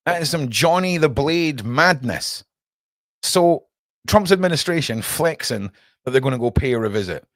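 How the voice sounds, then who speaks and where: A man's voice: mid-range voice, animated, moderate pace, a bit bright, no echo, studio quality. Sarcastic man on a livestream. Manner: sarcastic, jokey, slangy. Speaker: livestream host. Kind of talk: casual commentary.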